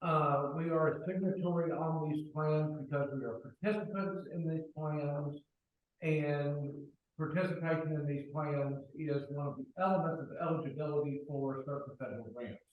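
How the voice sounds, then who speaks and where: A man giving a college president's report at a board meeting, reading announcements in a measured, businesslike way. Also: fairly high pitch, fairly even intonation. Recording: distant, echoey, tinny phone-like line with faint hiss.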